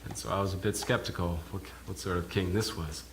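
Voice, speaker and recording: Halting low-voiced minister in character. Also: male voice, steady tone, a little hiss or hum. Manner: halting, often repeats words as he goes. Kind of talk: first-person character monologue sermon. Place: church.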